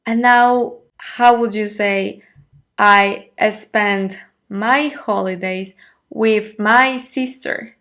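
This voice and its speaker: Slow, patient woman teaching Spanish. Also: medium pitch, fairly even intonation, a bit bright. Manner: slow, patient, repeats phrases for the learner to copy. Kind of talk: online language lesson.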